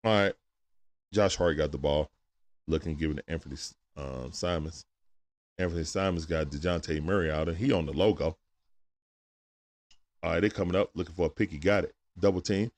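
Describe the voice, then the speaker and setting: A man hosting a live stream from home, calling a game play-by-play in a casual, excitable way that swings from hushed asides to sudden shouts. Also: low voice, a little fast. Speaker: stream host. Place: at home at night.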